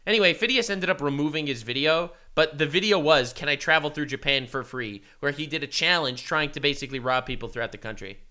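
A man co-hosting a casual video-reaction chat, ranting with animated outbursts and swearing. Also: a little high, quick pace, hardly any pauses.

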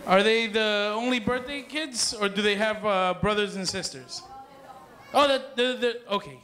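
Party magician, man, high bright voice, playful crowd patter with kids. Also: unhurried. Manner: playful, joking, calls to the crowd. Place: party hall with dance floor.

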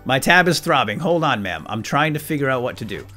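A man giving excitable, jokey commentary while playing a video game. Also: mid-range voice, a little fast, soft background music. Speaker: let's play gamer. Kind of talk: casual gameplay commentary.

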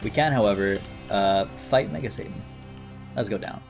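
A man giving casual, excitable commentary while playing a video game, thinking aloud and reading item descriptions. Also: fairly low pitch, moderate pace, gravelly. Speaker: gaming YouTuber. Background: game music.

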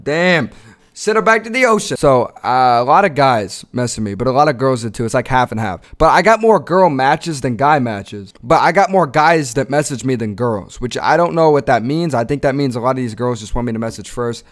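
A man's voice: medium pitch, fairly quick, few pauses. Slangy young man, crude vlog banter. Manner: crude slang-heavy banter with excited yelling bursts. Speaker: content creator. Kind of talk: casual vlog commentary.

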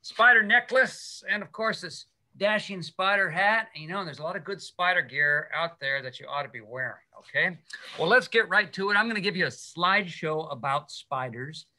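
A man's voice: high-pitched, normal speed, bright, forceful tone. A middle-aged man, a science teacher, giving an enthusiastic, chatty talk with slides on a video call and checking in with "okay?". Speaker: guest speaker, middle school science teacher. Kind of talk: animated public talk with slides.

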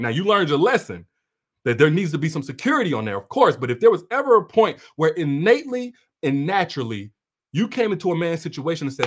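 A male relationship coach speaks to his viewers in a livestream masterclass. His voice sits a little high and rises and falls with lively swings. He talks bluntly, like a big brother, and drives points home by repeating them. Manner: preachy and direct, like a big brother, with repeated emphatic phrases.

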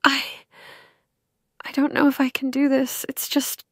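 A woman voicing a vulnerable, heartbreaking character who speaks quietly and hesitantly with trembling sniffles. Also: high voice, monotone, a little slow. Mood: tearful. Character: tearful, vulnerable person on the verge of giving up.

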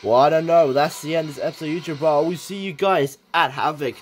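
A man giving excited play-by-play commentary on a wrestling match, swinging from calm description to shouting. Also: fairly high pitch, quick pace, faint music behind.

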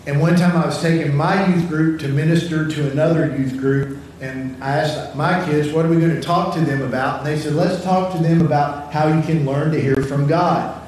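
Guy giving a laid-back sermon, kinda high voice, super echoey church room, mic far away. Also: steady tone, normal speed, darkish tone, slight background noise. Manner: conversational, storytelling, repeats words when starting phrases. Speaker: pastor. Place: church sanctuary.

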